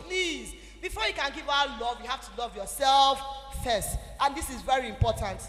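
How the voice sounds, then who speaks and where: Nigerian English woman speaker, high and bright, emphatic, echoey church hall. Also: moderate pace, hardly any pauses. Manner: animated, emphatic, exhorting the audience. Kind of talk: teaching talk at a church event. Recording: echoey hall with faint music.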